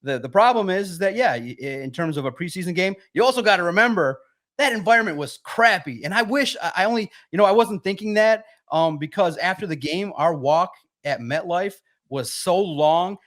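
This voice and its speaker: A man with a fairly high voice chats on a sports podcast. He tells his stories in an animated, excited way and swears freely. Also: a little fast. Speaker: sports writer guest. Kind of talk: casual podcast chat.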